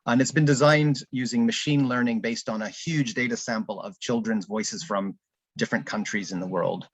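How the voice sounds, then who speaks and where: Husky-voiced man presenting casually. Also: medium pitch, fairly even intonation, moderate pace, dry recording. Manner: casual, thinks aloud with frequent ums and restarts. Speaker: presenter demonstrating a learning app. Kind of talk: live online conference presentation.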